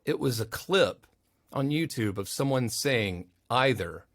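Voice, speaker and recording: Male podcast guest; lively, swooping delivery; dry close mic; acts out voices in anecdotes. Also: mid-range voice, a little slow, no echo. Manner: animated, acts out quoted voices. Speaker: podcast guest, audio engineer. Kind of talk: casual interview storytelling.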